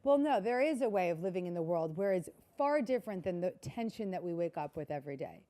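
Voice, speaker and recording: A woman's voice: lowish voice, big pitch swings, fast talker, dark tone. Earnest woman giving a motivational keynote. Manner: earnest, repetitive, engages the audience with questions. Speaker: keynote speaker. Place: conference hall before a live audience.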